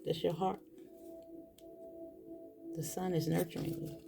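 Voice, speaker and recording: A woman's voice: on the low side, measured pace, creaky, loud music behind the voice. A woman, doing a casual tarot reading and talking straight to her viewers. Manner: animated, exclaiming, talks straight to viewers as boo and y'all. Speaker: tarot reader.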